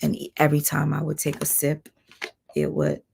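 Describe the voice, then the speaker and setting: Woman host, low and gravelly, strained voice, heated blunt livestream rant. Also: very animated, normal speed, darkish tone. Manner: blunt, heated, swearing, reads viewer comments aloud.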